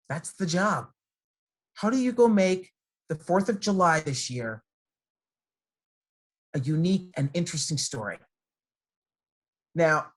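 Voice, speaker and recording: A middle-aged woman, a guest speaker addressing students over a video call from her computer, warm and encouraging as she tells stories. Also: fairly low pitch, slightly rough. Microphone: computer microphone on a video call.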